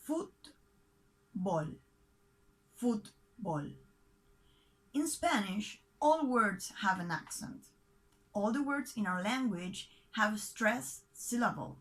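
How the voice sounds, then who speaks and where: A woman with an Argentine accent who teaches a language lesson in a scripted way, speaking slowly and clearly and repeating example words for learners. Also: a little high, fairly bright tone, poor audio. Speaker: Spanish teacher.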